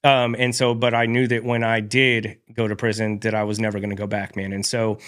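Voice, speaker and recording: A man's voice: lowish voice, level tone, fairly quick, a bit bright. Slangy man telling his story. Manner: slangy, peppers speech with dude, man, bro. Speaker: podcast guest. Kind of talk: casual testimony.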